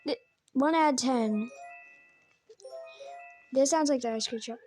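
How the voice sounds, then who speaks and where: A high, light-voiced woman reacts in a loose, casual way, tossing out jokey and blunt one-line verdicts. Her delivery is offhand and unpolished, like someone chatting to a camera at home. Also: unhurried, darkish tone, faint music behind. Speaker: video creator rating alarm sounds.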